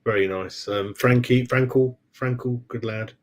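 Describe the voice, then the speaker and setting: A rambling man, mid-pitched, talks casually on a live stream. He chats loosely with his viewers, laughs easily and keeps calling them mate. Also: steady tone, a little slow. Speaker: football fan channel host.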